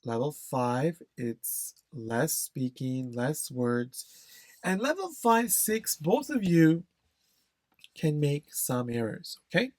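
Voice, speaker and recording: A man's voice: a little high, big pitch swings, slow, no echo. A man teaching an exam-prep lesson, stressing key phrases, repeating them and checking in with "okay?". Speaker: English test instructor.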